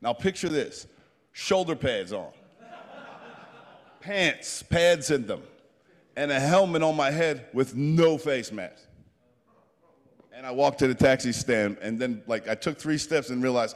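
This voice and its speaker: A man in his fifties from New Jersey telling an animated, plain-spoken story as a guest speaker to a group. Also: mid-range voice, measured pace, long pauses, big-room sound. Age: 50s.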